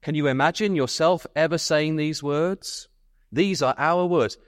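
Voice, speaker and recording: A man's voice: fairly high pitch, unhurried, dry recording, clean studio sound. A man preaching a sermon at a Bible school, earnestly pressing his listeners with repeated questions and stumbling over his words when stirred.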